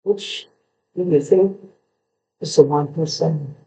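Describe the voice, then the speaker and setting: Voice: medium pitch, takes it slowly, warm tone, breathy edge, low-quality recording. A true crime commentator analysing a confession letter, who lectures with emphasis and asks rhetorical questions.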